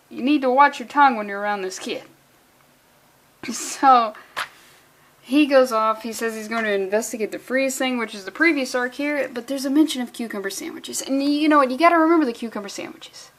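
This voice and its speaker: A woman's voice: fairly high pitch, brisk, fairly bright tone. A woman casually reviewing a comic book, rambling and profane, with lots of jokey asides.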